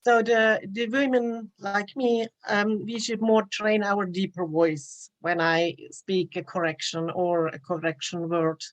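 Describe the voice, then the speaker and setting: Slow, hesitant woman with a voice. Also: mid-range voice, little pitch movement. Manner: hesitant, searching for words. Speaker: student. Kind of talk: asking a question in class. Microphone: video call.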